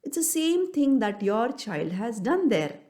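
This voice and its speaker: A woman's voice: fairly high pitch, sing-song, unhurried, darkish tone. A woman, a parenting coach talking straight to parents in an earnest, questioning way, often restarting and repeating her phrases. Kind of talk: solo talk to parents.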